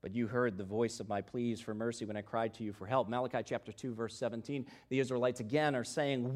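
A man preaching a sermon who moves from hushed, low passages to loud, emphatic ones and voices the doubts of biblical figures. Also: steady tone, brisk, few pauses. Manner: acts out the voices of doubters in scripture. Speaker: pastor.

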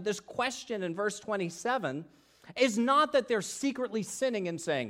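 A man preaching a sermon who moves from hushed, low passages to loud, emphatic ones and voices the doubts of biblical figures. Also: expressive, normal speed. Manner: acts out the voices of doubters in scripture. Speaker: pastor.

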